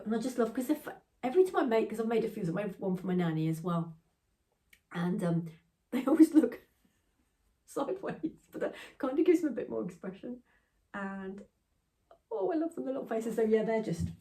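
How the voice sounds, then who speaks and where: A woman's voice: lowish voice, dark tone, far from the mic. A woman from England hosting her craft channel, chatting in a rambling, self-deprecating way with frequent laughs and getting tearful. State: tearful, emotional. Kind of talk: casual chatty vlog.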